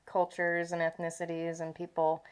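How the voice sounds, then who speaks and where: A woman's voice: lowish voice, completely flat delivery, normal speed, clean tone. A woman co-hosting a casual travel podcast, telling stories loosely with frequent laughs and swearing. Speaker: podcast co-host. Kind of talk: casual chat.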